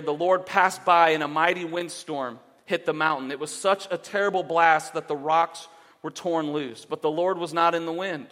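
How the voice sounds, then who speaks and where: Man, pastor, sermon, fairly high voice, earnest, long hall reverb. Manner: earnest, swings from emphatic to hushed.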